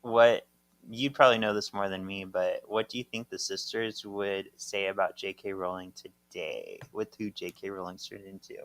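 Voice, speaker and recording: A man's voice: sits low, steady tone, normal speed, a bit bright. A man co-hosting a casual podcast, reading out chapter summaries with dry asides and laughs. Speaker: podcast co-host.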